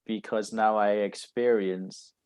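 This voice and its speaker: A man's voice: fairly low pitch, steady tone, unhurried, a little mellow, smooth. A man speaking as a guest on a podcast in casual conversation, thoughtful and hesitant as he searches for the right words.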